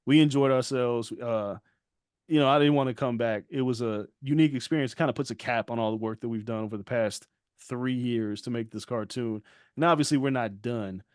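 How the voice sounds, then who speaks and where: A man with a clear, resonant mid-range voice speaks briskly in clean studio sound without echo. Co-hosting a podcast, he's an animated storyteller in casual conversation, acting out quotes and laughing often.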